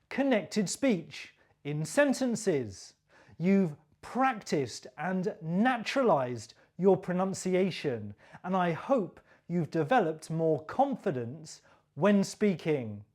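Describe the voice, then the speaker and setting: A woman teaching English pronunciation, modelling sounds and sentences slowly and clearly for learners to repeat, with encouraging praise. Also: on the low side, a little mellow. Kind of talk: slow, clearly articulated pronunciation lesson.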